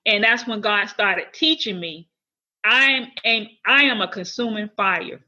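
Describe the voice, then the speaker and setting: A woman's voice: mid-range voice, bright, forceful tone, lo-fi sound. A woman guest on a podcast telling a personal story candidly and earnestly, often repeating and restarting phrases.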